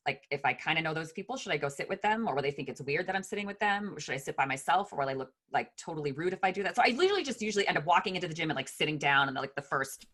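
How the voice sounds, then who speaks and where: A woman in her forties talking candidly in a casual podcast chat, with lots of fillers. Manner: candid, chatty, many fillers like "like" and "um"; animated mimicry of her kids in high voices. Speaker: podcast co-host.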